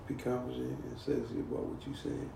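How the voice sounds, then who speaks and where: A man's voice: mid-range voice, very animated, brisk, gravelly, echoey room, far from the mic, background noise. A man producing a studio session, coaching a rapper in a blunt, insistent, profane way. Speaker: music producer.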